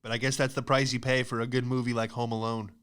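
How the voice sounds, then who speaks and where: A man's voice: mid-range voice, flat delivery, quick pace, a bit bright, clear, resonant tone. A man, a stand-up comedian hosting a podcast, ranting casually with a lot of swearing and "dude" and "like".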